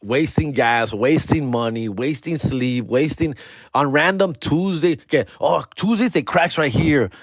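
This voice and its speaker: A man telling a profane comedy story on his podcast, dropping Spanish words and doing other people in high voices. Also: a little slow, dry recording. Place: podcast studio.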